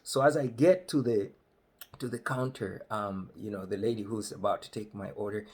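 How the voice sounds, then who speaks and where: A man's voice: lowish voice, moderate pace, a little mellow, slight background noise. A man from Africa with an African English accent, telling a comic story conversationally and acting out the voices of the people in it. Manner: conversational, acts out other voices. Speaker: comedic storyteller. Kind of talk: comedic storytelling.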